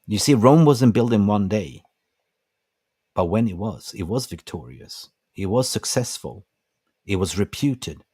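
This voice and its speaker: Impassioned man ranting, low and dry. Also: a little mellow, breathy edge, no echo. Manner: impassioned, preachy, rallying. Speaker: fan channel host. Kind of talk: passionate livestream rant.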